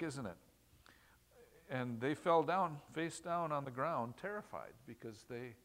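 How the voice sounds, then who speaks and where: A man giving a teaching sermon in a slightly higher voice. He talks in a plain, conversational way, asks his listeners questions and doubles back on phrases for emphasis. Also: a bit bright. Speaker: pastor.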